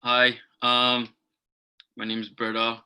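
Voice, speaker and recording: Hesitant young man, flat and bright. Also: mid-range voice, slight background noise, rough recording. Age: young adult. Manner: hesitant, many ums, slow and flat. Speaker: incoming student. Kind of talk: introducing himself in class. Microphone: video call.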